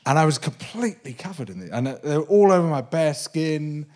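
Man telling a lively story. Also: fairly high pitch, fairly quick. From Britain. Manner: animated anecdote-telling with frequent restarts and laughs. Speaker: guest. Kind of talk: live comedy-podcast interview, storytelling. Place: theatre stage, live audience.

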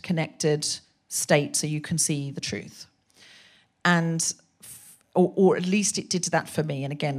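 Woman, podcast guest, lowish voice, casual comic storyteller who acts out voices. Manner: animated, swearing, acts out voices in her anecdotes.

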